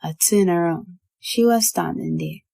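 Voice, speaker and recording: A woman reading a horror story aloud as a child narrator, slow and hushed. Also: fairly low pitch, vocal fry, no room sound.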